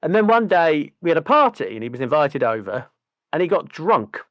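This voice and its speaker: Lively, swearing man telling stories. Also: a little high, fairly quick, no room sound, highs cut off. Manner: lively, profane storyteller doing voices. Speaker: podcast co-host. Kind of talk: casual chat.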